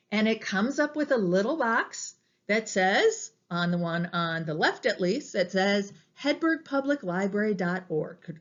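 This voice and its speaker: A woman's voice: mid-range voice, lo-fi sound. A woman librarian giving a casual, explanatory class presentation, with frequent ums.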